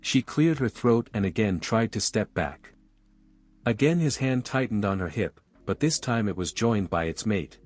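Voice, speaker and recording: A man narrating a romance audiobook with smooth, even storytelling. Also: fairly low pitch.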